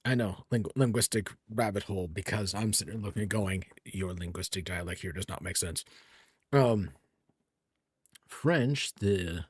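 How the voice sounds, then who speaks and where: A man with a low, slightly breathy voice streams a game, thinking aloud in a rambling way and correcting himself as he goes. It's casual gameplay streaming with faint game music behind him and no room sound.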